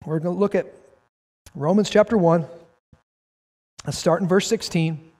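Man, pastor, sermon, emphatic preaching, scripture reading, high voice, long hall reverb. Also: a little slow. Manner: emphatic, rises to shouts, reads scripture aloud.

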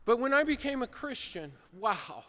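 Preacher, male, high bright voice, unhurried animated storytelling, long reverb of a big hall. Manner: animated storytelling, acting out a shouting coach. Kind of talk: sermon.

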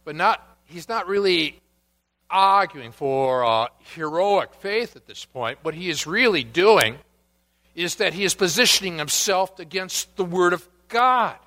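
A man preaching a sermon as pastor, reading scripture quotes aloud and moving between emphatic rises and quiet asides. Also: sits high, lively intonation, a little slow.

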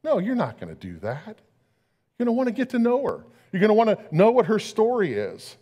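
A man's voice: high-pitched, huge pitch swings, brisk, dark tone, long reverb tail. A man preaching a sermon as pastor, talking conversationally and asking his listeners rhetorical questions.

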